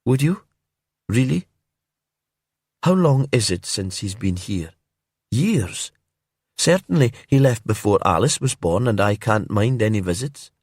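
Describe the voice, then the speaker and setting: A man voicing a brooding older woman from a remote island in a calm storybook crime tale, speaking softly and hesitantly in a lifted voice. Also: on the low side, unhurried, pauses often, breathy edge, no echo, clean studio sound, full character voice. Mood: insistent.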